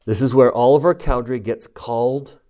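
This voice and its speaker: A man leads a classroom scripture lesson at a mid-range pitch. He talks with emphasis and puts questions to his listeners. He moves between reading verses and explaining them. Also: steady tone, a little fast, mellow. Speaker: scripture teacher.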